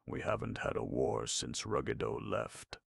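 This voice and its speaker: A sulky little gnome chamberlain who mumbles his complaints, as a man plays him. The voice is low and gravelly, with a slow, grudging drawl. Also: sing-song, no room sound, studio quality, exaggerated voice. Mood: grumbling.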